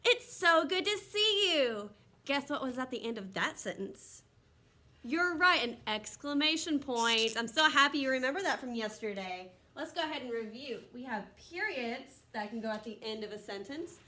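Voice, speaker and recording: A woman teaches a first grade class with an upbeat, encouraging manner. Her voice is bright and sits a little high. She talks straight to the young children. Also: animated, normal speed. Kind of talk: online lesson to young children.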